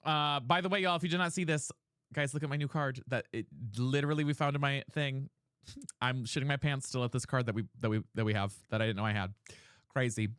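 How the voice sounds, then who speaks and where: A man's voice: medium pitch, fairly even intonation, a little fast, a bit bright, smooth, no room sound, studio quality. A man streaming a game live, chatting with viewers and swearing, a little tired after hours on air. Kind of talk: live gameplay commentary and chat.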